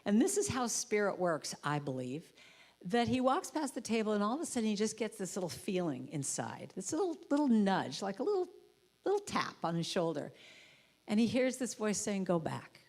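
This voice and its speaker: A woman's voice: mid-range voice, big pitch swings, normal speed. A woman giving a storytelling sermon in a church, acting out the voices in her stories. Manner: warm conversational storytelling, acts out voices. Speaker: guest speaker and musician. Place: church sanctuary.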